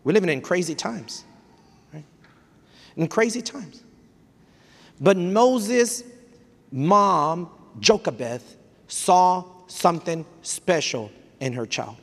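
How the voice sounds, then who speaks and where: A man's voice: high-pitched, animated, slow pace, pauses often. A man preaching a sermon as pastor, telling a personal story with emotion, many restarts and stammers, and Spanish phrases mixed in. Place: church hall. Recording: live sermon with long hall reverb.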